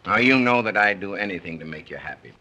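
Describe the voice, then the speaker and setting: A man's voice: sits low, lively intonation, fast, bright, forceful tone, exaggerated voice. An actor playing a dry-witted, middle-aged wealthy businessman father who speaks with sardonic quips in an early 1930s film.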